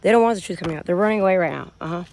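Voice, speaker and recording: A woman's voice: fairly low pitch, rapid-fire. A woman giving a casual tarot reading, talking straight to her viewers as she turns the cards. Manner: animated, talks straight to viewers. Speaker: tarot reader.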